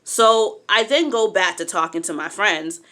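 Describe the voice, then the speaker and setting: A woman's voice: medium pitch, measured pace. A young adult woman telling a personal story in a casual, candid way, acting out what others said. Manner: animated, candid, acts out quotes.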